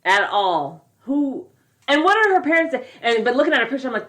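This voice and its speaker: A woman's voice: high-pitched, big pitch swings, fairly quick, fairly bright tone. A woman co-hosting a podcast, talking in an outspoken, incredulous way and swearing freely. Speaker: podcast co-host. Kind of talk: casual chat.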